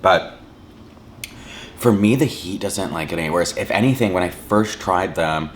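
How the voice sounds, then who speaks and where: A man's voice: sits low, normal speed, a little hiss or hum. A man casually chatting to his viewers while eating, rambling and saying "like" a lot, humming between bites. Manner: rambling, says "like" a lot, chews and hums between lines. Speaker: mukbang vlogger.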